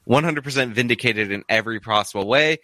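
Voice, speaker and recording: A man's voice: medium pitch, fast, bright, forceful tone, no room sound. A man hosting a casual live stream, reading out viewer donations with a rambling, laugh-filled, filler-heavy way of talking. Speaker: streamer reading super chats.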